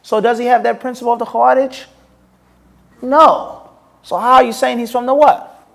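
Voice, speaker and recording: A man's voice: extremely high pitch, fairly even intonation, normal speed, gravelly. A man teaching Islamic topics in a live question-and-answer session. He asks rhetorical questions and mixes Arabic phrases into his English. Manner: rhetorical, quizzes listeners with "what?". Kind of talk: live Q&A lecture.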